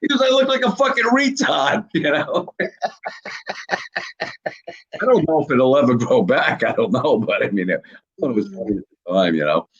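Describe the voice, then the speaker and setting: Man, guest, constant swearing, animated storyteller, expressive pitch, muffled lo-fi call. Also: normal speed, long pauses, husky. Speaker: guest caller. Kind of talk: casual profane chat. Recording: dull lo-fi call audio.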